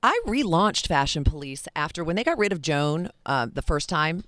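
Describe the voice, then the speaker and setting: A woman in her forties chatting as a guest on a radio talk show, telling animated stories with quick asides. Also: low-pitched, dry recording, clean studio sound. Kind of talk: casual chat. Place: radio studio. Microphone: studio mic.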